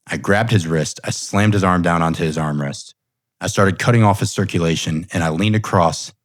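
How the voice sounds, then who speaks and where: A middle-aged man hosting a coaching podcast, telling a personal story in an intense, emphatic and deliberate way. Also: low voice, dry recording, clean studio sound. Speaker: leadership coach.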